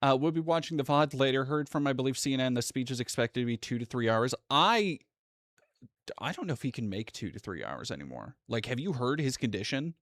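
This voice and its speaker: A man talks over a live broadcast on his stream, cursing bluntly and often breaking off to restart his sentences. His voice sits at an ordinary middle pitch. The sound is dry and close. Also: animated, a bit bright, dry recording. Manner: profane, blunt, halting restarts. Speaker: livestream host. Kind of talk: casual reaction commentary.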